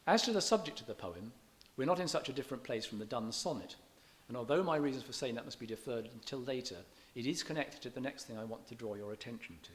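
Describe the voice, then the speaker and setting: With few pauses and a quick pace, a medium-pitched man lectures on poetry to an audience in a church hall, with slight background noise audible. He is a visiting lecturer in English whose chatty, digressive talk is full of self-corrections.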